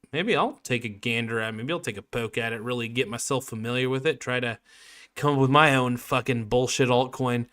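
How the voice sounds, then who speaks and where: A man's voice: mid-range voice, a bit bright. Sarcastic man rambling through casual commentary. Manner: sarcastic, mocking, rambling with frequent restarts; profane, jokey asides. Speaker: video creator.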